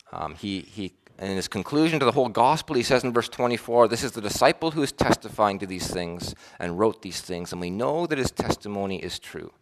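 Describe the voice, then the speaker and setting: A male pastor preaching a sermon, swinging between emphatic declarations and hushed, quiet lines, acting out quoted voices with a rising pitch.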